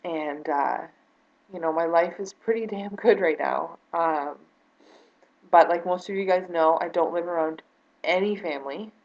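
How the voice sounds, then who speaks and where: A woman with a low, deep voice speaks straight to camera in a personal vlog. She talks earnestly and sounds close to tears, hesitating and restarting with plenty of ums. The audio is dull and lo-fi, like an old 2012 webcam. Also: a little slow. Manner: hesitant, many fillers and restarts. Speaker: vlogger.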